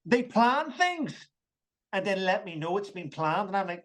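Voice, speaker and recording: A man with a fairly high voice, talking on a podcast as a veteran guest. He speaks frankly, stops and restarts often, and repeats his words. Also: big pitch swings, a little slow, fairly bright tone. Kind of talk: casual podcast chat.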